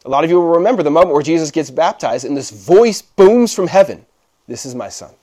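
Fast and animated, a young pastor with a slightly high, mellow voice gives a laid-back, conversational sermon. He pauses often to check in with his audience as he explains things.

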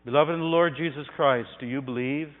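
A man preaching a sermon, building from quiet, hushed phrases to loud, swelling passages. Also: on the high side, a little fast. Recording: tinny phone-like sound in a reverberant hall with hum.

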